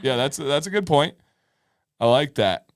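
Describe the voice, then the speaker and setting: A man's voice: mid-range voice, expressive, measured pace, crowd noise. Joking live-stream co-host, a man. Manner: joking, playfully argumentative. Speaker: podcast co-host. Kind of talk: casual live-stream chat.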